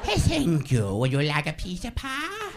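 A squeaky silly sidekick voice. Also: male voice, wildly swooping pitch, unhurried, exaggerated voice. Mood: goofy. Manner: squeaky, sing-song nonsense noises. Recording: live club set with crowd and noise.

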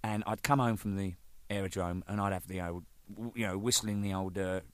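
An older man, a band's drummer, telling rambling, profane stories, laughing and acting out the shouting in them. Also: sits low, steady tone, brisk, clean tone, no room sound. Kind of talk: casual anecdotal storytelling.

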